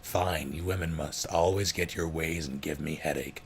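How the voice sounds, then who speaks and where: A man's voice: a bass voice, fairly even intonation, normal speed, slight background noise. A man voicing a blunt, macho male action hero who speaks in terse, broken phrases. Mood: gruff.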